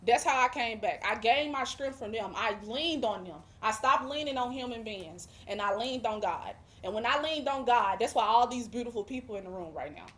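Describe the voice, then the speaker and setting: A woman guest giving a religious testimony, speaking emphatically with preacher-like repetition. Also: on the high side. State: emotional, near tears at times.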